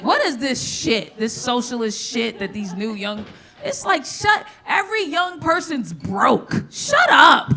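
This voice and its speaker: Brash, forceful woman doing stand-up. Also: high-pitched, very animated, measured pace, breathy edge. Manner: brash, profane, with sudden loud outbursts. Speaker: stand-up comedian. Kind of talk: live stand-up set. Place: comedy club stage.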